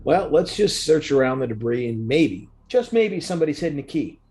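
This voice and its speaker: A man playing in a tabletop game, easygoing and planning out loud. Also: on the high side, sing-song, a little fast, faint music behind. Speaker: player. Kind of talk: casual tabletop play.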